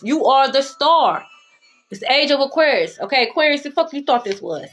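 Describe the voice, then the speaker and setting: A high-pitched woman gives a casual tarot reading. She talks brashly and swears freely, drifting into playful sing-song lines. A faint hiss of noise sits under the recording. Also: animated, normal speed. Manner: brash, profane, sings along and shifts pitch playfully. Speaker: tarot reader.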